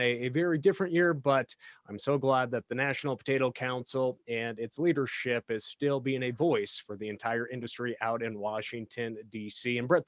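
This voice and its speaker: A man's voice: medium pitch, no echo, clean studio sound. A man hosting an event welcome video, reading announcements in an upbeat, promotional way. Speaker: podcast host.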